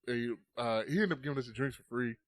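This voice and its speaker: A man's voice: mid-range voice, fast, dry recording. A man, a podcast guest, telling a story casually into a close mic. He swears often and acts out the voices.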